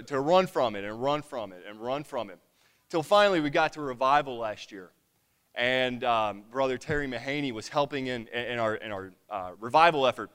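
A man, giving a halting, earnest testimony in church with many restarts. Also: mid-range voice, fairly bright tone. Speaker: lay preacher giving testimony.

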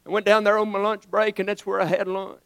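A man delivers a folksy sermon. His voice sits very high and sounds smooth and resonant. The sound is close and dry. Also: level tone, quick pace, fairly bright tone, dry recording. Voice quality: folksy, earnest preaching with swells of emphasis. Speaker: preacher.

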